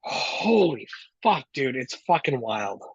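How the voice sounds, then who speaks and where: A man's voice: mid-range voice, very animated, takes it slowly, slightly rough, no room sound, highs cut off. A man hosting a podcast, reacting emphatically and cursing freely in casual chat. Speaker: podcast host.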